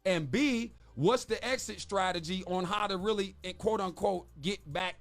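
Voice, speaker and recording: High-voiced emphatic man, radio co-host. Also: normal speed. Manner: emphatic, preachy, rhetorical questions. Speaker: morning show co-host. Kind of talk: radio talk show debate. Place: radio studio.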